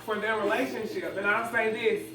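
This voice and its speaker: Woman, eulogy at a church service; slightly high voice, roomy and distant pickup with a crowd behind. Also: fairly even intonation, fairly quick, a bit bright. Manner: conversational, laughing through grief. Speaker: granddaughter giving a eulogy. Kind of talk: emotional memorial speech. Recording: echoey hall, distant mic, crowd.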